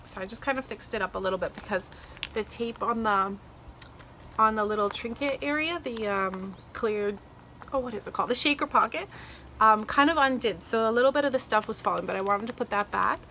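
A woman's voice: on the high side, a little fast, pushed and bright. A woman in her thirties from Canada, gushing with delight as she unboxes craft gifts in a casual vlog, outdoors in the sun. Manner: gushing, delighted, many thank-yous. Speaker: crafting vlogger. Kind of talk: casual happy-mail unboxing. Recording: noisy outdoor ambience with insects.

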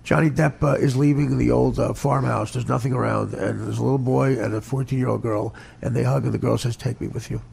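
Gravelly teasing male talk host. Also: medium pitch, fairly even intonation, brisk, hardly any pauses, darkish tone. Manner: teasing, mocking, profane. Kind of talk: casual comedy talk show banter.

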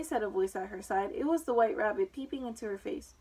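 A woman reading a children's storybook aloud in an informal way, pausing to mention the pictures. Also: medium pitch, expressive, warm tone, slightly rough, low-quality recording. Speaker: reader.

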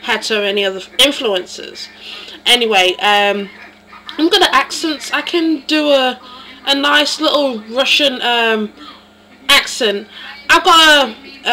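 Rambling English woman vlogger, high bright voice. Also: a little slow, slight background noise, rough recording. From England. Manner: chatty, rambling. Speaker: vlogger showing comic voices. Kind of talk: casual self-introduction.

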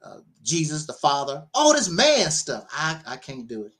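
High, lively man ranting with laughs. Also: moderate pace. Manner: emphatic, laughing, repeats himself. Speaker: self-styled minister. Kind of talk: livestream monologue.

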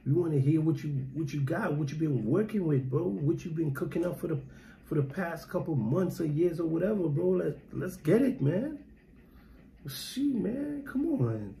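A man's voice: on the high side, expressive, normal speed, vocal fry, a little hiss or hum. A man, hosting a reaction video with hyped, exclaiming casual commentary. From Guyana. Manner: hyped, exclaiming, shouts of surprise.

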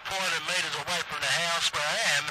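A man's voice: on the high side, fairly even intonation, fairly quick, background noise. An Australian man chatting on CB radio from a car parked in a country paddock, rambling and swearing casually. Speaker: CB radio operator.

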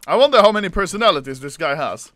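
Male streamer, very high and bright, lively delivery, excitable, laughs and shouts a lot. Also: fast talker. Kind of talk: gaming stream chat.

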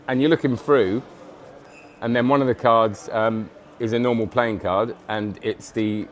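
A man's voice: on the low side, slight background noise. A tired man chatting casually in a vlog about magic products, rambling and enthusiastic with lots of fillers and restarts. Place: magic convention hotel.

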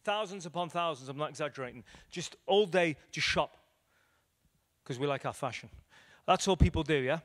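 Male evangelist, pitched a touch high, animated storyteller who acts out conversations mid-sermon. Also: normal speed. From Liverpool, England. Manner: animated storyteller acting out dialogue. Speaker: evangelist preacher. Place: church meeting room with audience.

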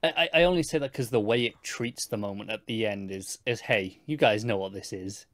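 A man's voice: lowish voice, a little fast, dry recording. A man co-hosting a casual podcast review, wry and dry, often stammering at the start of a thought. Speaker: podcast co-host.

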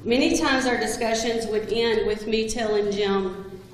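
A woman's voice: fairly high pitch, a little slow. A woman giving a eulogy for a longtime coworker, telling humorous stories about him. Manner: humorous, anecdotal storytelling. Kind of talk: eulogy speech. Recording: very echoey hall with long reverb.

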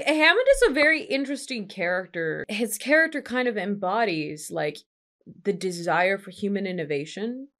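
A woman hosting a film reaction, talking casually in an animated, expressive way and swearing freely. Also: medium pitch.

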